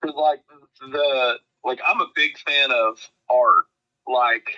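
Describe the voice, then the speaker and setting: A man's voice: medium pitch, steady tone, takes it slowly, sharp tone. A man telling a rambling, profane road story as a guest in a casual podcast chat. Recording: dull lo-fi sound.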